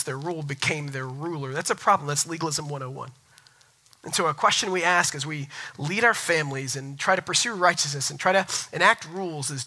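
A man in his thirties preaching a Sunday sermon. His voice sits a little high and rings very bright, and he hammers points home by repeating words. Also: poor audio. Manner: emphatic, repeats words for stress. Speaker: pastor.

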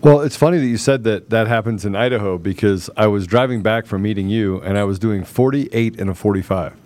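A man hosting an interview show, animated and laughing as he tells a story from his own life. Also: on the low side, a little fast. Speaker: show host. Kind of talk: casual interview chat.

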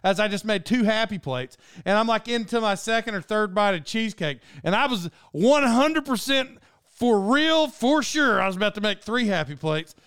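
Podcast host, male, high smooth voice, rambling and self-mocking, quick to laugh, dry close mic. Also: lively intonation, fairly bright tone, no echo. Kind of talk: casual storytelling monologue.

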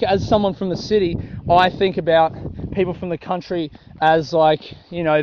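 A young Australian man chatting casually while walking along a grassy rural track, swearing often and laughing at his own jokes. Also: fairly high pitch. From South Australia. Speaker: vlogger. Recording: dull lo-fi audio with faint noise.

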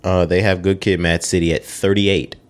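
A man's voice: low voice, little pitch movement, normal speed. A man co-hosting a podcast in casual chat, opinionated and swearing freely as he runs down a ranked list. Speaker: podcast co-host.

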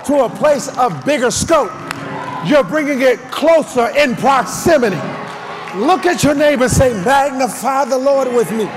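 Shouting high-voiced man preaching. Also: background noise. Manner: calls on congregation to repeat lines. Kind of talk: shouted revival sermon. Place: church service with a crowd. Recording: live church mic with music and crowd.

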